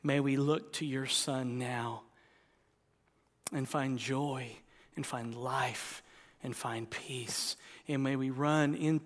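A man preaching a sermon, his voice swelling to loud pleading and dropping to hushed whispers. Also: mid-range voice. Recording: long hall reverb.

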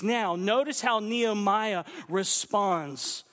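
A man preaching a sermon with a high voice. He mixes playful jokes into the teaching and leans hard on key words. A long reverb trails behind him, as in a church hall. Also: moderate pace. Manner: playful, jokey asides with lively emphasis. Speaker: pastor.

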